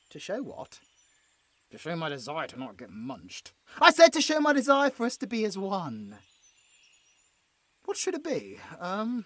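A woman's voice: lowish voice, no echo. A woman playing a jittery young woman sweet-talking a werewolf in an audio roleplay, babbling and hastily correcting herself.

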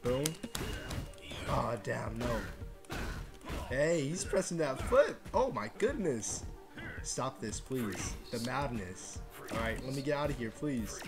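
Guy playing a fighting game and reacting out loud, slow drawn-out talk, trash talk and chuckles, game music loud behind him. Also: mid-range voice, very animated. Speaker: gaming channel host. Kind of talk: live fighting-game commentary.

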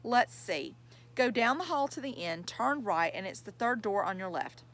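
A woman reading the part of a busy teacher who gives directions briskly. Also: medium pitch, expressive, fairly bright tone. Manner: brisk, self-correcting.

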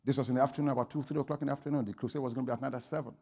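Pastor guy preaching, storytelling, quiet then loud, big hall echo. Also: medium pitch, fairly even intonation, very fast, gravelly, slightly rough. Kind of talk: sermon.

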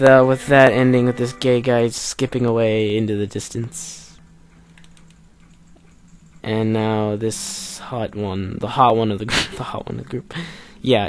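A man hosting a let's play, cursing and exasperated as he comments on his game, jumping between loud outbursts and low mutters. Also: steady tone, moderate pace, soft background music. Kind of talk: gameplay commentary.

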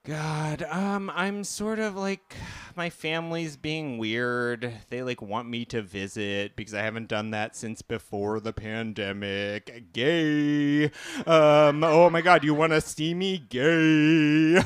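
A stand-up comedian with a high, clear, ringing voice, working an intimate cafe crowd. Delivery is unhurried, camp and self-deprecating, full of jokey asides. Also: male voice, steady tone, dry recording. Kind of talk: live stand-up set. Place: small cafe comedy stage.

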